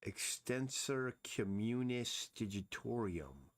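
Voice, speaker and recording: A comic artist streams himself drawing, narrating casually, thinking aloud and often mumbling to himself. His medium-pitched voice swings widely in pitch, and he talks at a slow pace.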